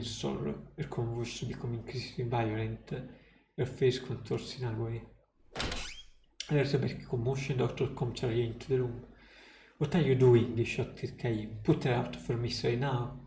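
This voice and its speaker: Streamer reading story text, gravelly and dark, flat delivery, roomy room with faint music. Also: male voice, mid-range voice, slight background noise.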